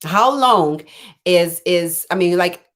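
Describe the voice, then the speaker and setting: A middle-aged woman life coach, unwell and clearing her throat, chatting casually on a live stream and acting out both sides of her conversations. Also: on the low side, expressive, slow, a bit bright. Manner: conversational, rambling with many fillers and restarts.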